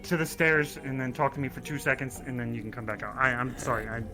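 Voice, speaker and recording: A man in a voice-chat roleplay, speaking in a brisk, official and cheerful way, like a security staff member. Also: medium pitch.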